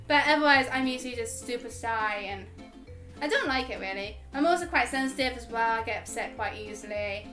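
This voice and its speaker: Giggly high-voiced woman vlogger. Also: fairly quick, a bit bright, faint music behind. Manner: chatty, giggly, frequent laughs and fillers. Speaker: gaming YouTuber. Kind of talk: casual Q&A vlog chat.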